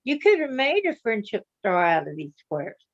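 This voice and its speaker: A woman chatting with quilting friends on a video call, expressive and teasing. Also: medium pitch, normal speed. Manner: expressive, teasing, exclaims a lot. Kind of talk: casual chat. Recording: muffled video call audio.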